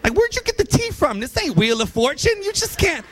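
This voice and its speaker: Male stand-up comic, high pitched and wildly expressive, faint noise behind. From US East Coast. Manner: animated, quick shifts into family impressions. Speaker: stand-up comedian. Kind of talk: stand-up comedy at a church. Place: church hall.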